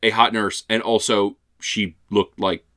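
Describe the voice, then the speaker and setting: A man's voice: lowish voice, flat delivery, a little slow, fairly bright tone. A man co-hosting a podcast, chatting casually about a film in a rambling, joking way with plenty of swearing. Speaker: podcast co-host. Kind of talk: casual film review chat.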